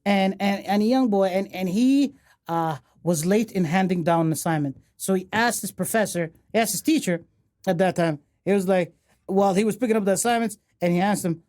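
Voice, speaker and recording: A woman comedian, raised in the Gulf, co-hosts a loose podcast chat. Her voice sits at an ordinary mid pitch. She rambles, circles back and restarts her sentences, full of fillers. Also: brisk, darkish tone. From United Arab Emirates.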